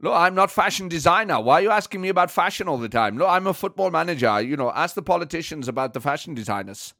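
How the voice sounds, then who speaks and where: Bristling foreign football boss voiced by a man, broken English, lively swooping delivery, touchy and combative, dry booth. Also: a little high, quick pace, dry recording. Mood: defensive. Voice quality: broken English, defensive, bursts into threats.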